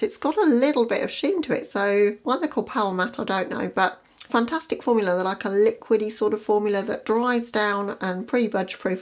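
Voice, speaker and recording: A woman vlogger talking through a makeup look step by step in a relaxed, chatty way. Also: on the high side. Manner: chatty, relaxed, explains as she works. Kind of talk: makeup tutorial narration.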